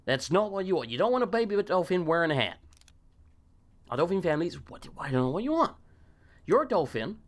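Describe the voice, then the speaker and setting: A man's voice: high-pitched, sing-song, a little fast, pauses often. A man hosting a casual let's play, recovering from a cold, who sarcastically swears and talks back at game characters. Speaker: gaming channel host.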